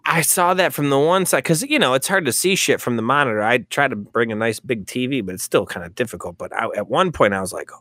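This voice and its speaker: A man's voice: mid-range voice, lively intonation, quick pace, few pauses, bright, forceful tone, no room sound, clean studio sound. A man co-hosting a podcast, chatting in a laid-back casual way, swearing and laughing easily. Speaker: podcast co-host.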